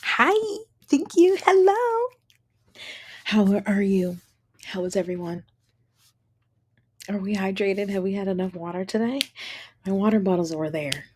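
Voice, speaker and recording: A woman's voice: mid-range voice, very animated, measured pace, pauses often, slightly rough. A young woman hosting a casual livestream chat, tired and yawning, greeting viewers and laughing often. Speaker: livestream host.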